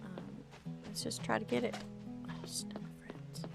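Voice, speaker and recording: A woman's voice: mid-range voice, fairly even intonation, unhurried, gravelly, loud music behind the voice. A woman chatting casually to her viewers while she plays a video game, tired and nursing a headache. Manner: chatty, talks to chat and to herself while playing. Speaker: let's play streamer. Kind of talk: casual gameplay commentary.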